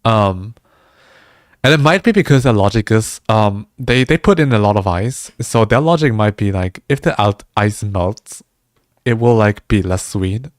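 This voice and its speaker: A man's voice: on the low side, expressive, a little slow, dry recording, clean studio sound. A man chatting casually with viewers during a livestream, laughing often and restarting his words as he goes. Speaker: music streamer.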